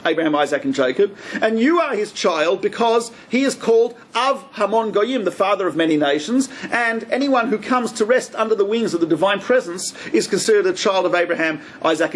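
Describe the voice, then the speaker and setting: Lively high-voiced rabbi lecturing. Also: male voice. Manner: lively, joking storyteller who acts out quoted speech. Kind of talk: lecture on religious law.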